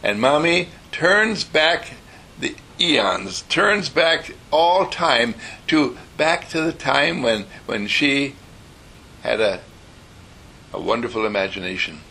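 A man gives an inspirational talk in a gravelly voice that swings up and down. He tells stories with energy and laughs easily between points. His tone is bright and forceful. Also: mid-range voice, takes it slowly. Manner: animated storyteller who acts out voices and laughs.

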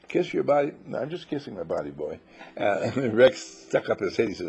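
A man's voice: fairly low pitch, very animated, brisk, a little mellow. A man leading a spiritual talk to a small group, playfully telling stories and acting out little voices. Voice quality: husky, gravelly. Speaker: spiritual teacher.

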